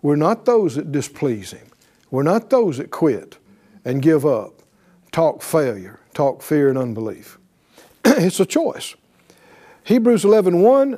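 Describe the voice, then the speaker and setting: A warm-toned man with a fairly high pitch and big swings in intonation preaches at an unhurried pace. He's emphatic, prompts his congregation with "right?", and reads scripture aloud with quotes given their own voice.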